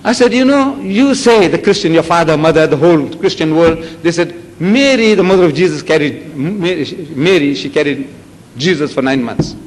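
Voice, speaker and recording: An older man lectures on Islam to a public audience, his South African Indian accent carried in a slightly high voice at normal speed. Animated storytelling with acted-out voices swells into rising shouts. The hall is echoey, with faint background noise.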